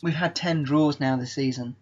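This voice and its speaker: Excitable man commentating his own game. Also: fairly high pitch, moderate pace. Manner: excitable, exasperated, swings between disbelief and calm team talk. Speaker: gaming YouTuber. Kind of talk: live commentary over a football video game. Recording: slightly dull lo-fi mic.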